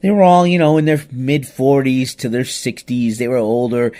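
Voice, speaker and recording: A man tells a personal story on a podcast in a loose, conversational way. He is animated, stops and restarts sentences, and scatters "you know" asides throughout. His voice sits at an ordinary mid pitch for a man. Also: normal speed. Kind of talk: casual spoken storytelling.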